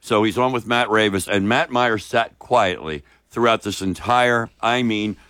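A man co-hosting a sports talk radio show, telling stories in a rambling, halting way with many fillers. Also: lowish voice, fairly bright tone, dry recording, studio quality. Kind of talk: casual studio banter.

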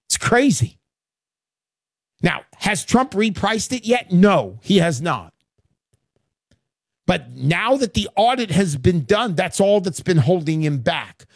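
A man's voice: high voice, no room sound, clean studio sound. A man hosting a call-in radio show, talking in an emphatic, salesy way and repeating words for punch.

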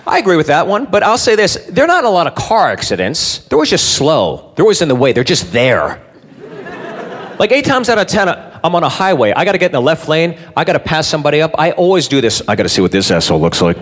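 A man doing a stand-up routine, brash and loud with animated delivery. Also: on the high side, quick pace, slight background noise. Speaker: stand-up comedian.

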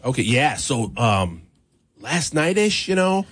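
A man's voice: medium pitch, big pitch swings, slow, fairly bright tone, husky. A man hosting a morning radio show, chatting in an upbeat way and laughing easily. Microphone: studio microphone.

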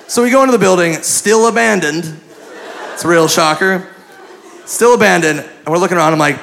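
A man's voice: high-pitched, animated, brisk, vocal fry, fairly bright tone. A man doing stand-up, telling a crude story and acting out the dialogue, recorded live on a club stage with a handheld mic. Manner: acts out quoted dialogue, crude and profane. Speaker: stand-up comedian. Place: comedy club stage before a live audience. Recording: live club recording with audience laughter and noise.

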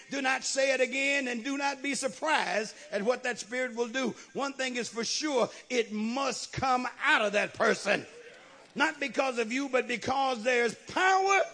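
High, gravelly shouting preacher man. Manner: call-and-response, rising to shouts. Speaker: pastor. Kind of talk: sermon.

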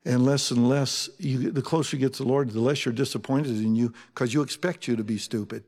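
A man preaching a sermon as pastor, talking in a conversational, animated way with asides to his congregation. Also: mid-range voice, a little fast, in a large hall.

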